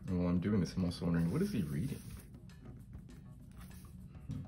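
A middle-aged man hosts a casual craft demonstration with soft music in the background, speaking fairly quickly in a warm, low-pitched, very animated voice. As a collage artist and channel host, he thinks aloud while working and regularly tags remarks with a questioning "right?".

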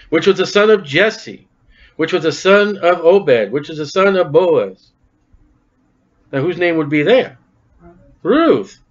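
Guy preaching a sermon, reads the bible list then jokes around, kinda muffled lo-fi sound. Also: on the high side. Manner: folksy, breaks off the reading with wry joking asides. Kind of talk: sermon, reading scripture aloud. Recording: dull lo-fi recording.

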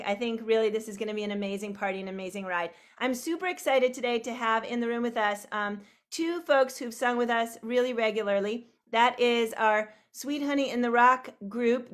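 A woman's voice: on the high side, a bit bright. A woman hosting an online video call, greeting viewers one by one by name in a bubbly, rambling way, laughing often. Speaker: host.

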